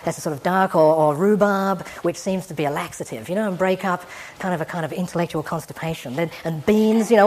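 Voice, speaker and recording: A woman with a somewhat low voice gives an evening public lecture, wandering through her points in a discursive way. She keeps a wry, gently humorous touch as she speaks to the audience. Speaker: guest lecturer.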